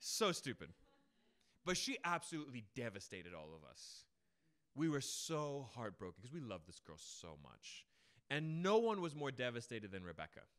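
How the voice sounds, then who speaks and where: Animated, bright-voiced male preacher. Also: mid-range voice, moderate pace. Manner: emphatic, dramatic storytelling with big swings in loudness. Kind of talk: sermon.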